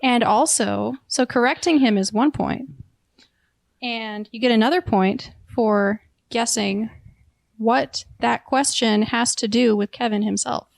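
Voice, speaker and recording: A woman co-hosts a podcast trivia game with upbeat, laughing banter. Her voice sits a little high and sounds dry and close to the mic. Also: unhurried, creaky, no room sound. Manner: upbeat, laughing, explains rules. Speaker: podcast co-host running the quiz. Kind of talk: casual game-show banter.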